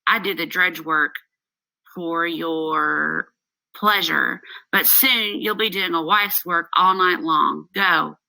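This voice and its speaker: Woman reading as a teasing old nurse, bright gravelly voice from a distance, dry. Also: on the low side, fairly even intonation, takes it slowly, dry recording, heavily acted. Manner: reads aloud plainly from the text. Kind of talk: classroom play reading.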